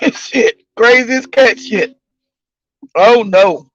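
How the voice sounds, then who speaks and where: A man's voice: extremely high pitch, animated, extremely slow, breathy edge. A male show host telling stories casually, profane and mocking, laughing often. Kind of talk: casual comedic storytelling. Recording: dull lo-fi recording.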